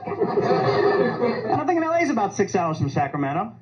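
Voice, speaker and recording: A man's voice: very high-pitched, huge pitch swings, normal speed. A male stand-up comedian doing a live set with punchy delivery, acting out the characters in his jokes in front of a club audience. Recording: lo-fi club recording with loud audience. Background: audience laughter.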